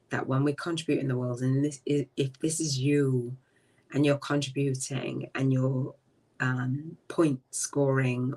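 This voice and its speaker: A middle-aged woman hosts a live spiritual talk in a slow, reflective way. Her phrases trail off and she keeps an even, almost flat tone. She sounds set back from the mic. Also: rumbling low. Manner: reflective, slow and unhurried, trailing off, often dropping soft. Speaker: podcast host. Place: a relative's home. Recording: voice distant from the mic.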